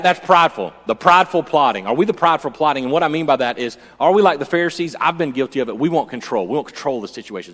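A man preaching a sermon in a church, conversational and joking, swinging from loud emphasis to hushed storytelling. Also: fairly high pitch, long reverb tail. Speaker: pastor.

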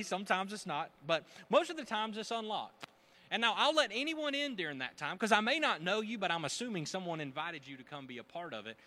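A man's voice: high-pitched, pushed and bright. A man preaching a sermon to a congregation, joking and acting out gossiping voices as he tells the story. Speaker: pastor.

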